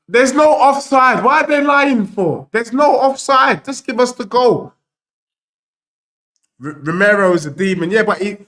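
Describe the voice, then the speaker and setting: A young man hosting a live football watchalong, bantering excitedly and reading out viewer messages. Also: high-pitched. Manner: excitable, animated banter, reads out super chats.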